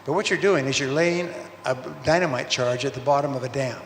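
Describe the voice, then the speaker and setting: A man's voice: medium pitch, a little fast, a bit bright, a little hiss or hum. A man giving a motivational sales seminar talk, telling stories and acting out bits of dialogue in quoted voices. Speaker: sales speaker. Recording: roomy hall reverb, faint ambience.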